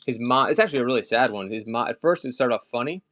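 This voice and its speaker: A man's voice: medium pitch, lively intonation, quick pace, fairly bright tone. A man hosting a live collectibles sale, chatting casually and rambling off topic between items. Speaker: live-stream collectibles seller. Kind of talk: casual live-stream chat.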